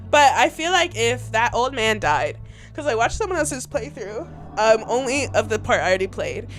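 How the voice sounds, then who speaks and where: A woman's voice: fairly high pitch, very animated, moderate pace, fairly bright tone, soft background music. A young woman, a little under the weather, giggling and chatting through a story game and reading choices aloud. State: a little sick. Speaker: game streamer. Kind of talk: casual gameplay commentary.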